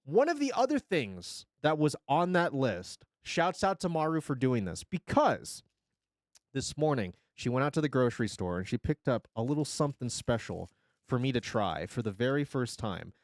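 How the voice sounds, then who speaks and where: Man, 40s, rambling profane streamer, lively pitch, dry close mic. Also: moderate pace, dry recording. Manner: rambling, profane, jokey, reacting to chat. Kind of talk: casual live-stream chat.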